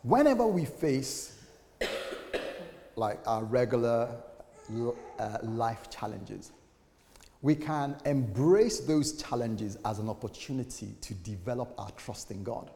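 A man's voice: mid-range voice, lively intonation, slow pace, warm tone. Conversational male pastor in a reverberant hall. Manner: conversational preaching, acts out quoted voices. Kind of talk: sermon.

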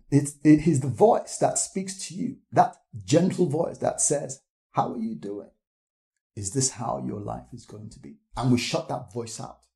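A man leading a Bible study, speaking earnestly and asking questions, his voice often dropping soft at the ends of phrases. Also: mid-range voice. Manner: earnest, questioning, trails off softly at ends of verses.

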